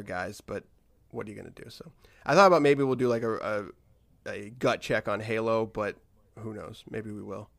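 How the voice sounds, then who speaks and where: A man's voice: fairly low pitch, gravelly. A man hosting a casual podcast about games, rambling with frequent restarts and trailing-off asides. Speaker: podcast host.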